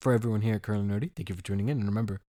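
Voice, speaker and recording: A male podcast co-host with a lowish voice. He talks casually and keeps things moving by asking quick questions. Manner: animated, talks through questions. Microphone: records remotely on own mic.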